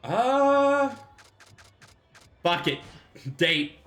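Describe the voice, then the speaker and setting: Guy streaming a game, jokey and sweary, super lively up-and-down voice, bit of game music under him. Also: medium pitch, unhurried. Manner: jokey, laughs often, swears casually. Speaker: streamer playing a video game. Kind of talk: casual live gameplay commentary.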